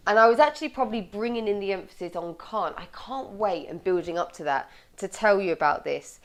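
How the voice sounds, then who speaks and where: An upbeat woman coaching viewers on how they speak, with a lively delivery. She leans hard on the key words and keeps a steady, mid-range voice. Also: mid-range voice, quick pace. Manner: lively, bright presenting with clear stressed words. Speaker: communication coach. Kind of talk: presenting a video tip.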